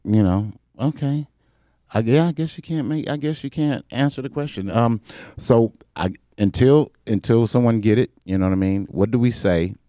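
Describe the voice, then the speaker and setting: A man co-hosting a podcast in casual chat, talking in halting bursts with restarts and a playful quizzing manner on a close mic. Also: mid-range voice, dark tone, no echo. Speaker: podcast co-host.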